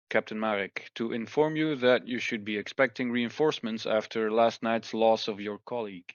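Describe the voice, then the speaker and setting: A man narrating a tabletop game as game master in a calm storytelling manner. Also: mid-range voice, no room sound, dull audio.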